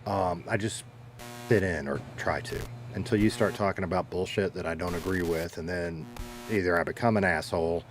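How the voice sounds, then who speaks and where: A man's voice: deep voice, fairly even intonation, moderate pace, soft background music. A laid-back man with a Southern American accent, rambling casually to his stream chat, swearing now and then. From Southern United States. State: dehydrated.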